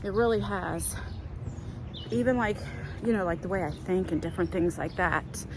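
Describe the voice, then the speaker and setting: A woman's voice: fairly low pitch, moderate pace, noisy background. A middle-aged woman rambling casually as she vlogs on a walk outdoors, talking into a handheld phone. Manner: chatty, rambling, many fillers. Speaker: vlogger. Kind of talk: casual walk-and-talk vlog.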